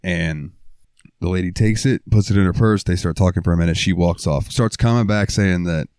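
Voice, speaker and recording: Young dude rambling and cussing thru a story, lowish voice, dry close mic. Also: male voice, a little fast, darkish tone, clean tone, dry recording. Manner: rambling, profane, lots of fillers. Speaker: podcast host. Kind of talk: casual storytelling.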